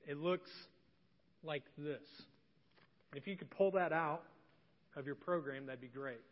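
Pastor in an echoey church hall. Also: male voice, on the high side, measured pace. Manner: conversational, joking, swings from loud to soft and emotional. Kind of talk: sermon with personal story. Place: church sanctuary. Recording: distant echoey hall, dull sound.

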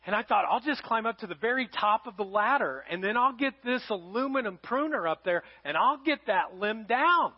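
A middle-aged pastor preaching a sermon, telling a family story and swinging between loud emphasis and hushed, quiet lines. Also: male voice, high voice, lively intonation, moderate pace, few pauses. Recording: dull lo-fi sound.

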